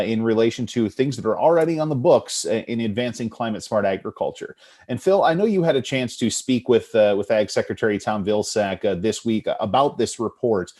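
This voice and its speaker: A man's voice: medium pitch, a little mellow. A man hosting a weekly agricultural news show, conversational with frequent fillers. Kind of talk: news discussion.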